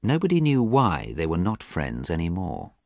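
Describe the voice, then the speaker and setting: A man reading a story aloud clearly and expressively for English learners. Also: low voice, wildly swooping pitch, normal speed, darkish tone, no room sound.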